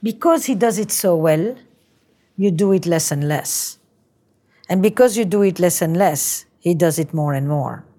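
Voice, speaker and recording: Woman therapist, Belgian accent, mellow low voice, probing and patterned. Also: lively intonation, measured pace. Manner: probing, builds ideas in repeating patterns. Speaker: couples therapist. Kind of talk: therapy session guidance.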